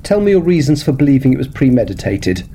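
A composed Victorian lawyer, read by a man narrating a story, speaking in a measured, businesslike way. His voice is mellow and warm and moves widely in pitch. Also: big pitch swings, a little hiss or hum.

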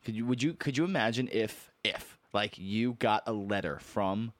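A man's voice: fairly low pitch, normal speed, dry recording. Young man rambling loosely on a podcast. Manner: rambling, many fillers, laughs often, swears. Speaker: podcast host. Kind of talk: casual chat.

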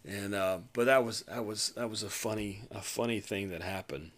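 Middle-aged man, low voice, casual rambling storyteller with restarts who livens up when quoting people. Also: normal speed. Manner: rambling, many restarts, rises to animated retelling of quotes. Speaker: podcast host.

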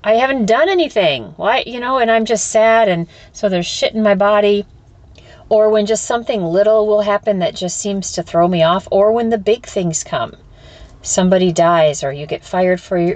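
In a fairly low, slightly mellow voice captured in a dry recording, a spiritual teacher hosts her solo podcast. Her talk is reflective and frank, full of loose swearing and restarted sentences as she works through ideas aloud.

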